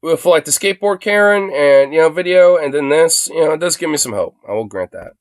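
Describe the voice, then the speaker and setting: A man's voice: a little high, animated, a little fast, no room sound, clean studio sound. Foul-mouthed young man ranting. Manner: profane, loose, many fillers. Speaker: streamer reacting to a video. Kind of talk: casual ranting commentary. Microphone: phone.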